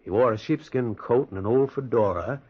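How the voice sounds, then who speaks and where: A man's voice: mid-range voice, normal speed, close to an everyday voice. An actor playing a lonely man haunted by memories who narrates his own story in 1940s radio acting. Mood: narrating. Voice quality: husky, expressive storytelling. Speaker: narrator and lead character. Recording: dull lo-fi old radio recording.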